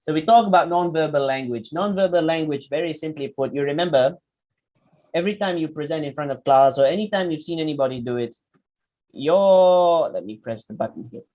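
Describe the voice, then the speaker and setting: A young man, teaching a public speaking workshop in an animated way. He asks the audience questions and acts out quick examples. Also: on the high side, lo-fi sound. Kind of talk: lecture presentation with slides.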